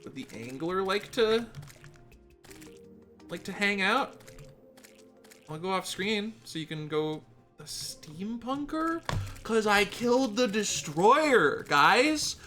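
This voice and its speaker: Lively, bright-voiced exasperated game streamer. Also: medium pitch, takes it slowly, pauses often, faint music behind. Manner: exasperated, excitable, talking to self and chat. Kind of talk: live gameplay commentary.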